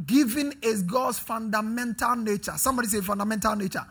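A man preaching a sermon in a church service, leading call-and-response with the congregation and building up to emphatic shouts. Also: high-pitched, fairly quick, few pauses, husky. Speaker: pastor.

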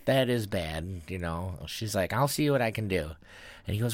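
A man chatting casually, his pitch rising and falling a lot as he tells stories and slips into other people's voices. He laughs often between lines. The sound is dry and close. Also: big pitch swings, slow pace, pauses often, a bit bright, dry recording. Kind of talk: casual chat.

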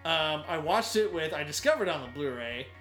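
A man co-hosting a film podcast in casual chat, telling relaxed, rambling anecdotes with fillers. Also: a little high, normal speed, soft background music. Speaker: podcast co-host.

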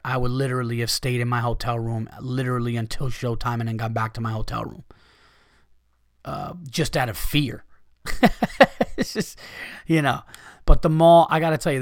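A man with an everyday middle pitch, telling a story with lots of swearing. He acts out the people in it. The sound is dry and close, with no room echo. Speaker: comedian and podcast host. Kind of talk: casual storytelling monologue.

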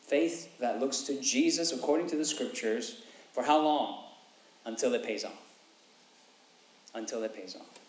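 Animated man preaching in an echoey room. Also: mid-range voice, unhurried, long pauses, slight background noise. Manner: animated, repeats phrases for emphasis, acts out quotes. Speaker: pastor. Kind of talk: sermon. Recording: echoey room, faint ambience.

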